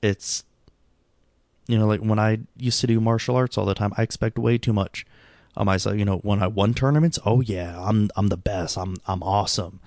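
Man, middle-aged, low gravelly voice, tired rambling self-critical talk, dry close sound. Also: moderate pace, darkish tone, dry recording. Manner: rambling, self-critical, many restarts and fillers. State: tired, subdued. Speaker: vlogger. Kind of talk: reflective casual monologue.

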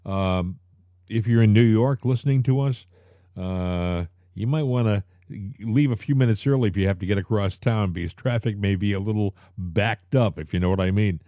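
A man's voice: on the low side, normal speed, dark tone, no room sound. A man co-hosting a casual political talk show, joking and mocking with frequent chuckles. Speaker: co-host.

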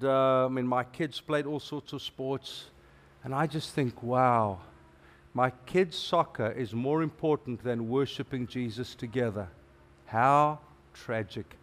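A middle-aged man, preaching a sermon as a guest preacher in an animated, emphatic way with playful asides. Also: medium pitch.

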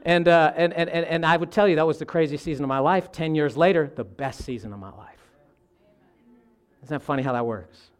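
Male pastor, 30s, high voice, animated sermon delivery. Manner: animated preaching, addresses the congregation as y'all.

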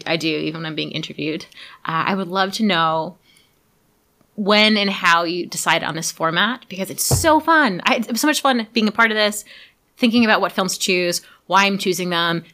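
A woman's voice: on the low side, pushed and bright. A woman from Boston, a film critic guesting on a casual podcast, who talks in a gushing, enthusiastic way. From Boston, USA.

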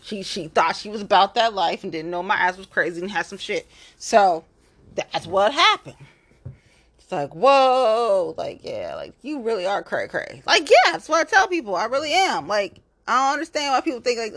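A woman's voice: on the high side, animated, normal speed, fairly bright tone. Blunt, profane woman ranting casually. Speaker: local political activist. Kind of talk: casual monologue.

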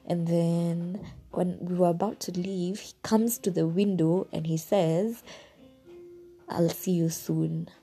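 A woman's voice: on the low side, steady tone, a little slow, dark tone, soft background music. A woman, hosting a podcast and telling a personal story in a casual, exasperated way, swearing freely. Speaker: podcast host.

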